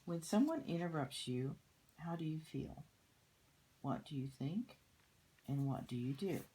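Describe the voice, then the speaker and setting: Older woman, very low voice, storybook reading, soft, half-whispered. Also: animated, a little slow, a little hiss or hum, rough recording. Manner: soft, often drops to a whisper. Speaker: grandmother reading to children. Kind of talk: reading a picture book aloud.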